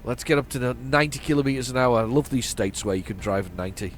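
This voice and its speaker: A middle-aged man from northern England with a flat northern accent, chatting casually while playing a driving game, rambling and restarting his sentences. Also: medium pitch, fast, soft background music. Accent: flat northern English. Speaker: gaming channel host. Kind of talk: casual let's-play commentary.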